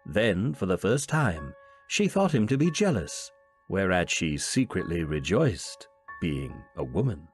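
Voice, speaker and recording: A man narrating an old tale in a measured, dramatic way. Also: deep voice, very animated, faint music behind.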